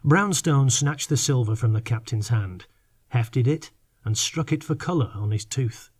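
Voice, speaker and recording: A man narrating a fiction audiobook in measured, unhurried reading. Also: medium pitch, lively intonation, darkish tone, breathy edge. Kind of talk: scripted narration.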